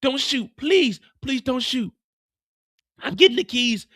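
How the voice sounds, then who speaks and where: A frightened young woman who pleads for her life and rambles nervously, put on by a man. Her voice sits well above his usual pitch and sounds bright and lively, recorded dry and close. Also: slow pace, no echo, full character voice. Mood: pleading.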